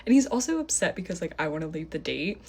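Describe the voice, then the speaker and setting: A young woman telling a dating story in a casual, animated way, full of "like" fillers. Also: on the low side, quick pace, husky.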